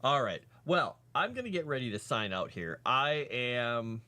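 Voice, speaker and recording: Man, live streamer, casual rambling chat, lots of fillers, mid pitch, animated intonation. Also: unhurried. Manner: rambling and chatty, with many fillers and asides.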